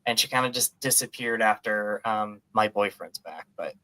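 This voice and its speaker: An enthusiastic man co-hosts a casual movie podcast, his voice bright and crisp. He gushes and rambles happily, with plenty of fillers along the way. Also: fairly low pitch, moderate pace. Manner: animated, gushing, many fillers. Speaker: podcast co-host.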